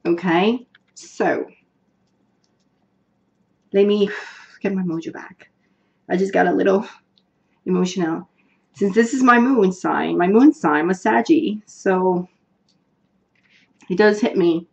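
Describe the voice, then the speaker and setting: A woman's voice: mid-range voice, slow pace, vocal fry, pauses often, muffled recording. Earnest woman. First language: Spanish. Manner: earnest, emotional, repeats herself, searches for words. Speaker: tarot reader. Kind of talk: casual tarot reading to viewers.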